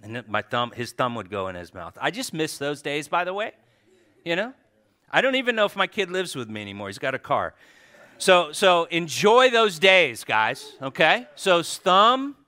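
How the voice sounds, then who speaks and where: A man in his forties giving a heartfelt tribute at church, telling stories that swing between loud animated bursts and soft asides. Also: fairly high pitch, normal speed. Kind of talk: heartfelt tribute speech to a congregation.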